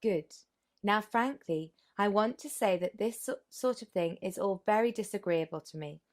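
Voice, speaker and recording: A woman voicing an earnest, impatient young gentleman who presses his questions insistently. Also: medium pitch, moderate pace, close to an everyday voice.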